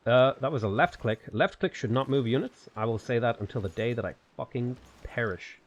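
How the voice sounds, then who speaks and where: A man commentating his own strategy gameplay live, chatting and answering viewer questions with sudden bursts of excitement. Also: medium pitch. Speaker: game streamer.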